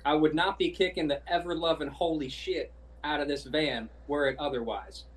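A courteous adventurer with flowery, formal speech, voiced by a man in a tabletop game. The voice sits a little high, and it sounds distant from the mic. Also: moderate pace, close to an everyday voice. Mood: smooth. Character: courteous, wordy male adventurer negotiator.

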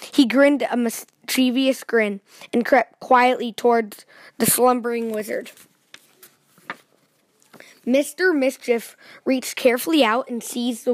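A woman reading a children's storybook aloud in a lively way, asking her young listeners questions. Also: a little high, slow pace, no echo.

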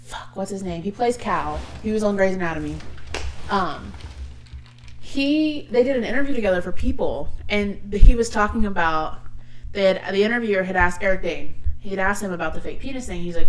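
A woman co-hosting a podcast, chatting casually in a blunt, rambling way and swearing freely. Her voice sits in a middle pitch. A faint hiss and soft room ambience run under her. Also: a little fast, low-quality recording. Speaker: podcast co-host. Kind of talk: casual chat.

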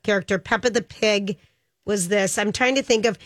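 A woman with a Minnesota accent co-hosting a radio show, quick with teasing asides. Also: medium pitch, a bit bright, no echo, clean studio sound. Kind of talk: casual morning show banter.

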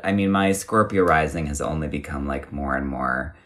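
A man with a very low voice chats on a podcast. He tells his stories in a campy, theatrical way. The talk is loose and casual. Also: normal speed, a bit bright. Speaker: podcast host. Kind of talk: casual chat.

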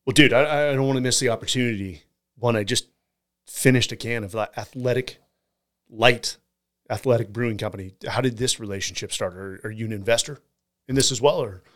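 A man's voice: mid-range voice, a little fast, a bit bright. A man hosting a podcast interview, asking questions in a conversational way. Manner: conversational, asks questions, repeats words when starting. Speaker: podcast host. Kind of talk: casual interview talk.

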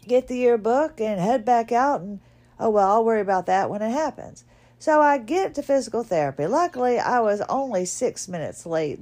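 The host of a podcast, recovering from illness in a neck collar, tells a personal story with a fairly high, darkish voice. She's chatty and self-deprecating, often laughing at herself.

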